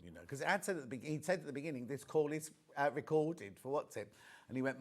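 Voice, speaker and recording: A man's voice: a little high, fast talker. A man, presenting live on a TV shopping channel in a chatty, storytelling way. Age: 60s. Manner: chatty, anecdotal, animated storyteller. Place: TV studio.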